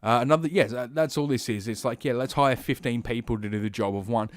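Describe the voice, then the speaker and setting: A man's voice: medium pitch, quick pace, no room sound, studio quality. Profane ranting man. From Australia. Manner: profane, rambling, heavy swearing. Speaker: streamer. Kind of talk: ranting commentary stream.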